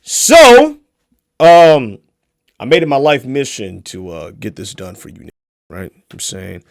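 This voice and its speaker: A young man streaming a casual reaction video, profane and mocking, swinging into shouts. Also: mid-range voice, huge pitch swings, slow, dry recording, clean studio sound.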